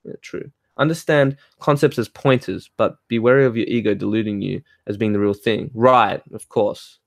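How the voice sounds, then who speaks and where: A man's voice: lowish voice, fairly even intonation, normal speed, creaky, no room sound, studio quality. A man ranting heatedly in casual talk, swearing and laughing as he reads and answers comments. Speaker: spiritual talk host reading chat.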